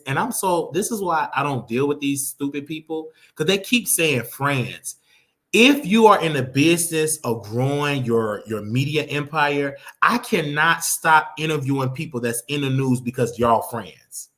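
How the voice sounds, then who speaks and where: A man's voice: on the high side, expressive, unhurried, fairly bright tone. Brash, mocking man hosting commentary. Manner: brash, mocking, trash-talking. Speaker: host. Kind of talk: casual commentary monologue.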